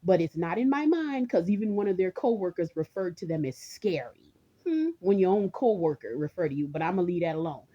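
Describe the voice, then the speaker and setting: A woman's voice: lowish voice, animated, a little fast, dark tone, lo-fi sound. A woman vlogger in a casual rant, rambling and chatty, talking straight to her viewers and laughing often.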